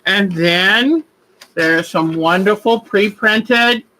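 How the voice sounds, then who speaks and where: A man chats casually with viewers as a quilting show host, gushing and effusive. His voice sits notably high and his pace is unhurried, with a bright, forceful edge. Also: a little hiss or hum, low-quality recording. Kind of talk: casual live-stream chat.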